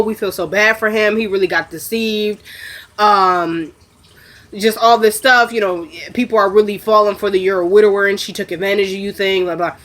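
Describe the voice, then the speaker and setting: A sniffly woman in casual chat, recapping a TV episode and acting out the characters' lines in quick asides. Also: medium pitch, fairly bright tone.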